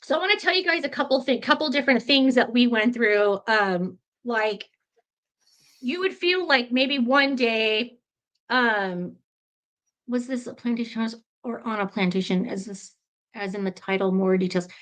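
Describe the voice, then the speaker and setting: A woman guest telling a ghost story in an interview, animated and chatty, with many fillers. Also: fairly high pitch, moderate pace.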